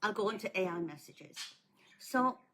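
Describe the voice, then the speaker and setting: A woman's voice: medium pitch, animated, normal speed, fairly bright tone. A woman speaking bluntly and earnestly to viewers as a scam awareness advocate, pleading with them to think. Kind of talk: casual warning talk to viewers.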